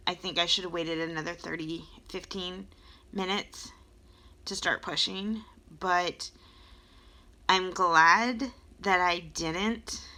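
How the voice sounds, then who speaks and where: Slow-talking young woman, bright voice. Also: lowish voice. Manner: emotional, halting, many ums, close to tears. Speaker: vlogger telling her birth story. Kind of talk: casual storytelling to camera.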